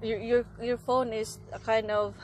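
A young Filipino woman talks casually in a car, her voice sitting a bit high. She explains herself in chatty bursts with restarts, and steady background noise runs under her. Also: unhurried. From Philippines. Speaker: vlogger. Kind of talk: casual chat.

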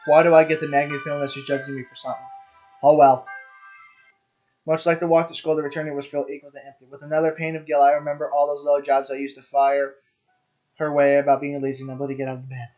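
A man rushing through a visual novel's narration, stumbling and restarting as he goes. His voice sits a touch high and hardly rises or falls. The audio is dull and lo-fi, with soft music underneath. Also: flat delivery. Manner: quick, unpolished read with restarts. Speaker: game player reading aloud. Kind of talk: reading a visual novel aloud.

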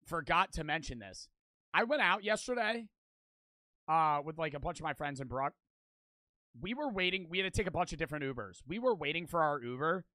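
A man's voice: fairly high pitch, expressive, brisk, bright, forceful tone, no echo. A man in his twenties streaming and reacting to videos, rambling and joking with a lot of profanity. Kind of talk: casual stream chat.

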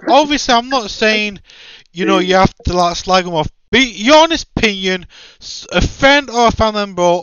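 A man's voice: high-pitched, fairly bright tone, smooth, no room sound, dull audio. A man hosting a podcast, ranting in exasperated, repeated questions. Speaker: podcast host. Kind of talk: casual opinion chat.

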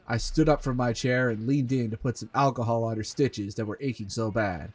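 Reading fanfiction over gameplay, this let's play host turns it into a comedic dramatic performance, mocking the writing and deadpanning its punctuation. His voice is husky and medium in pitch, a little fast, with hardly any pauses.

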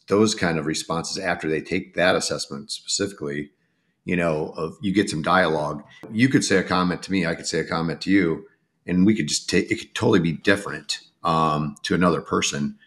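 A man co-hosting a podcast and talking casually about recruiting, who thinks aloud and often restarts his sentences. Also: low-pitched. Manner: reflective, restarts thoughts mid-sentence. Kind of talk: casual conversational chat.

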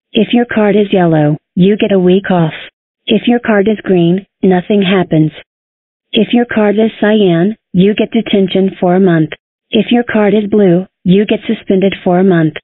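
A woman's voice: mid-range voice, moderate pace, breathy edge, no echo, lightly acted. Female synthetic voice as a stern teacher. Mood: instructing. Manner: stern, scolding. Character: strict female schoolteacher. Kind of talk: text-to-speech cartoon voice. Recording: tinny phone-like sound.

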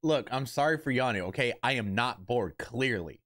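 A man hosting a reaction video, talking in an excitable, rambling way and swearing often. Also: medium pitch, moderate pace, dry recording, studio quality, soft background music. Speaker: reaction channel host. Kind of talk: casual reaction commentary.

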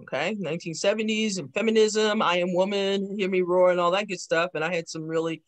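A woman in her sixties from New York City, giving a lively talk about her life and acting out remembered conversations. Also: on the low side, brisk. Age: 60s. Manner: lively storyteller who acts out remembered dialogue. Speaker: invited speaker, town council member. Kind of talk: personal storytelling talk.

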